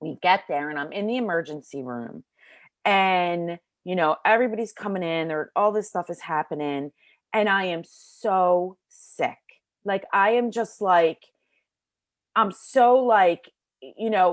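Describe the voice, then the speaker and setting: A middle-aged woman telling a personal story as an interview guest in a casual, animated way, acting out the voices of people in it, recorded in a bedroom at home. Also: fairly low pitch, a little slow, no room sound, clean studio sound. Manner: casual, lots of fillers like "like".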